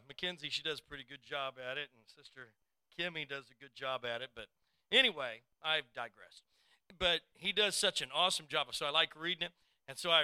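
A man preaching a sermon, chatting in a rambling, folksy way before reading scripture slowly in a raised voice. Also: fairly high pitch, bright, forceful tone, clean tone, no room sound, poor audio. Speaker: pastor.

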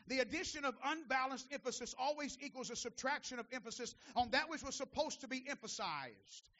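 A male pastor with a strikingly high voice delivers an impassioned sermon, swinging from steady teaching to loud fervent calls and back to quiet asides. He leans on repetition for emphasis. The recording is dull and lo-fi. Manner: impassioned preaching, rising to shouts and dropping to quiet asides; repeats phrases for emphasis.

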